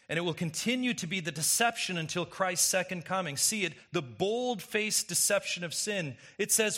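A man's voice: high voice, animated, moderate pace, few pauses, bright, forceful tone. A man preaching a sermon as pastor, emphatic and full of rhetorical questions to the congregation.

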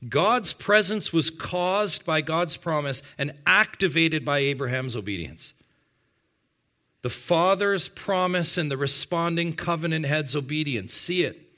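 A man delivering a sermon with a bright, ringing tone and a slightly raised pitch. He speaks straight to his congregation and slows down to stress key words, with a strong emphatic rise on the main points. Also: animated. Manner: emphatic preaching, slowing and rising on key words; addresses the congregation directly. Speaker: pastor.

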